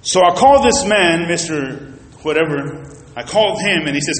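A man preaching a sermon, telling a personal story in an animated way and talking straight to the congregation. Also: fairly high pitch, normal speed. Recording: reverberant hall.

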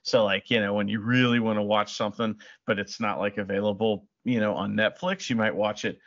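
Relaxed male podcast co-host with a bright, forward voice, rambly and good-humored; dull audio. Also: lowish voice, fairly quick. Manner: laid-back, laughing, hedges with "you know". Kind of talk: casual podcast chat.

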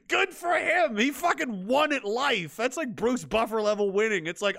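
A man's voice: high voice, lively intonation, moderate pace, creaky, fairly bright tone, dry recording, clean studio sound. A man hosting a podcast, ranting casually with sarcastic, profane humor and mock-dramatic narration. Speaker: podcast host. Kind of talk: casual livestream rant.

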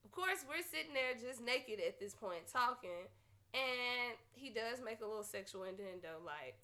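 A woman, hosting a podcast and telling a story in a blunt, profane, animated way. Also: on the high side, normal speed. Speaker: podcast host. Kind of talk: casual storytelling chat.

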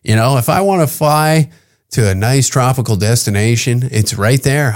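A man's voice: mid-range voice, a little mellow. A man from Canada, a comedian hosting his own podcast, ranting profanely and heatedly on his own. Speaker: podcast host and stand-up comic. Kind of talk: solo podcast rant.

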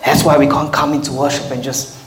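A man's voice: mid-range voice, flat delivery, a little fast. A male pastor preaching a sermon in an emphatic style, driving his points home with rhetorical questions. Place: church hall with congregation. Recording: echoey hall with congregation responding.

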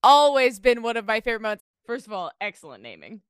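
A woman's voice: a little high, expressive, fast talker, clear, resonant tone, dry recording, clean studio sound. A woman co-hosting a podcast in casual chat, telling wry stories and teasing her co-host.

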